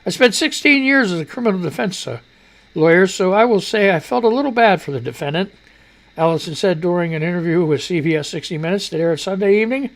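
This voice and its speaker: Male radio host, gravelly and sarcastic, lively pitch, rambling news commentary. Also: quick pace. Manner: crude, mocking, rambling asides.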